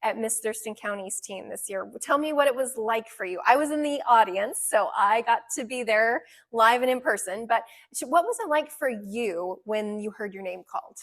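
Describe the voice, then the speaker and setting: A woman's voice: on the high side, expressive, normal speed, hardly any pauses, a bit bright. A woman hosting an interview podcast, asking questions and murmuring agreement as her guest talks. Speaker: podcast host. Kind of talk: casual interview.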